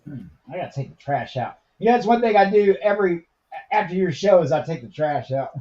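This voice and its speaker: A man with a high voice chats in an easygoing way, casually retelling favourite movie scenes. His sound is muffled and lo-fi, as if it comes through a dull connection. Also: lively intonation, fairly quick, dark tone. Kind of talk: casual chat.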